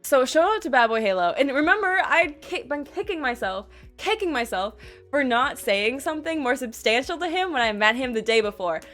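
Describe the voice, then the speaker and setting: Bright, bubbly young woman vlogger. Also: sits high, very animated, soft background music. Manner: bubbly, quick, lots of "like" fillers and quoted voices. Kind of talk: casual storytime.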